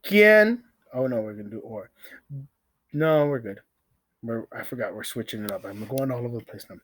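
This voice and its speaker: A man teaching a language lesson through a simple story, repeating phrases, counting out pauses and breaking into dramatic exclamations. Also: fairly low pitch, a little mellow, breathy edge. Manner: slow, repetitive drilling with counted pauses; dramatic exclamations between asides. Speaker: Spanish teacher.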